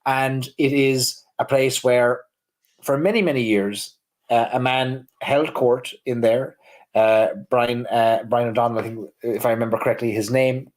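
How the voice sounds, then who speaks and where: A man's voice: medium pitch, fairly even intonation, measured pace. A man with a Cork Irish accent, co-hosting a livestream chat and telling stories with easy laughs. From Ireland. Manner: chatty storyteller, laughs easily. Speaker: livestream co-host. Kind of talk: casual chat.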